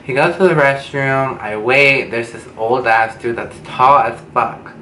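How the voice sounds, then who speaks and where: A young man telling a storytime vlog, animated and swearing, acting out what people said with big jumps in pitch. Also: unhurried. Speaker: vlogger. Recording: echoey room with faint background noise.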